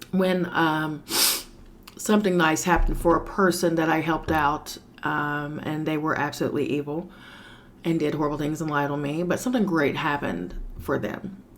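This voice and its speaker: Sassy, chatty woman with a low voice. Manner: chatty, sassy, swears casually. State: sick with a cold. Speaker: tarot reader. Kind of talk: casual tarot reading monologue.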